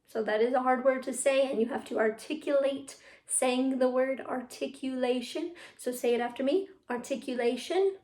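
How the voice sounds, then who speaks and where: A woman's voice: high voice, normal speed, hardly any pauses, darkish tone. A woman teaching an online drama class for children, upbeat and encouraging as she leads tongue twisters. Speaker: youth theatre drama teacher. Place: at home on a video call. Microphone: computer mic.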